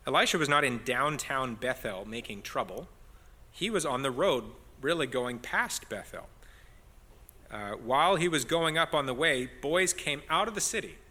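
A man's voice: medium pitch, sharp tone, long reverb tail. A man preaching an expository sermon as pastor, earnest and building emphasis on key phrases.

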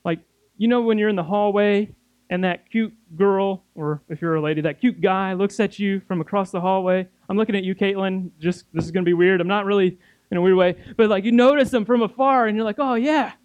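Young male youth pastor, high-pitched, animated and playful, dry recording. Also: brisk, clean tone, no echo, lo-fi sound. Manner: animated, acts out scenes in playful voices. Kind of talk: casual sermon to youth group.

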